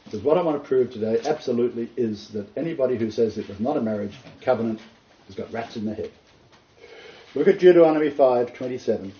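A man's voice: mid-range voice, lively intonation, fast, mellow. A man preaching a sermon, reading scripture aloud and stressing his key points with repetition. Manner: emphatic, repeats key points. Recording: roomy, dull lo-fi recording.

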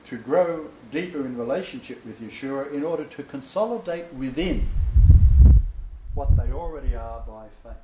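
A man's voice: a little high, darkish tone, reverberant, slight background noise. Man, bible teacher, informal sermon, emphatic, joking chuckles, small audience, muffled recording. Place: room with a small seated audience.

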